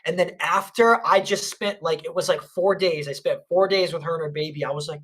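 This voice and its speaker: A man in casual podcast chat, telling animated stories, acting out voices and swearing freely. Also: on the high side, brisk, few pauses. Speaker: podcast co-host.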